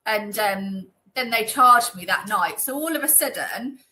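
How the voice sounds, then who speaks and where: A woman's voice: mid-range voice, lively intonation, a little slow, pushed and bright, low-quality recording. A woman being interviewed, talking in a chatty, indignant way with lots of fillers. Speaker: interview guest. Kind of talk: conversational interview. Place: Northamptonshire.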